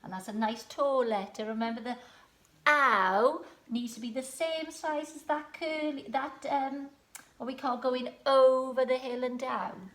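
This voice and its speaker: A Welsh woman teaching young children to read from home. She speaks at a slow, deliberate pace and sounds out each letter with patient encouragement. Her voice is bright and fairly high. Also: steady tone. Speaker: primary school teacher. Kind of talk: phonics lesson for home learning.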